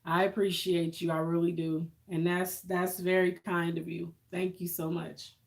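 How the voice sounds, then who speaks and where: A woman's voice: fairly low pitch, little pitch movement, measured pace, vocal fry. A woman, chatting on a live stream, emotional and thankful, laughing often. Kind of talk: casual live-stream chat with viewers.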